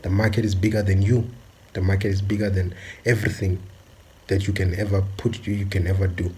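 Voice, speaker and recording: A man from South Africa delivering a forceful, repetitive monologue with many filler pauses. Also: sits low, little pitch movement, slight background noise. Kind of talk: impassioned monologue.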